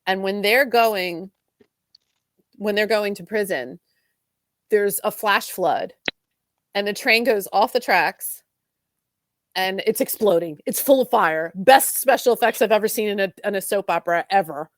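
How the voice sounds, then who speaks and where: Fast-talking woman gushing over a soap. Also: medium pitch, dry recording, studio quality. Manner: fast, animated retelling with many "like"s. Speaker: podcast co-host. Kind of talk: casual chat recapping a soap opera.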